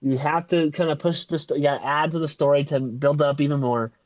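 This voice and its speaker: Halting male podcast co-host, dull dry sound. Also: fairly high pitch, steady tone, dry recording. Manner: halting, repeats words, laughs often. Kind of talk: casual film review chat.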